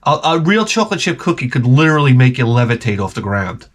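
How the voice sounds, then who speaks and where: A middle-aged man rants in a rambling, profane, animated way, full of restarts. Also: mid-range voice, quick pace. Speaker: vlogger. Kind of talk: profane comic rant.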